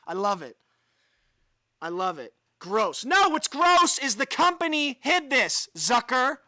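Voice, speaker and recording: Male livestream host, high and lively voice, sarcastic commentary, dry sound. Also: a little slow, no echo. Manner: sarcastic, exasperated, sighs. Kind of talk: ranting live commentary, reading an article aloud.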